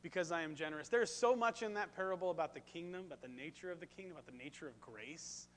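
A man's voice: fairly high pitch, quick pace. A man preaching a sermon, speaking animatedly and putting questions to the congregation. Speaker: pastor.

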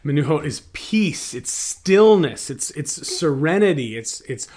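A man's voice: on the high side, sing-song, measured pace, darkish tone. A man preaching a sermon, reflective, mixing scripture with a family story and rhetorical questions to the congregation. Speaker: pastor.

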